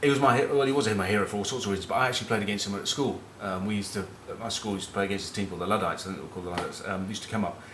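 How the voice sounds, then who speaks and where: Rambling northern English former rugby captain. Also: male voice, fairly low pitch, very fast, few pauses, a bit bright, reverberant, slight background noise. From northern England. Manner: rambling, cheeky, swears freely. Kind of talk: casual rugby chat with anecdotes.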